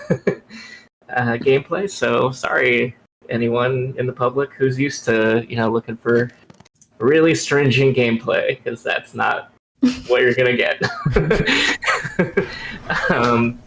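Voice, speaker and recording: A man narrating as game master over a video call, relaxed and full of fillers. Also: medium pitch, slow pace, slight background noise. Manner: relaxed, many fillers and restarts.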